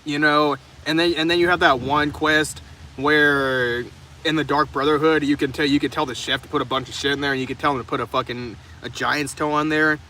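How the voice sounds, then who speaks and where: A young man live streams from the open trunk of his car in the rain, chatting casually with viewers and answering their comments in a profane, rambling way, often stumbling and restarting sentences. His voice is on the high side, steady, fairly quick, and sharp. Faint rain and passing traffic can be heard.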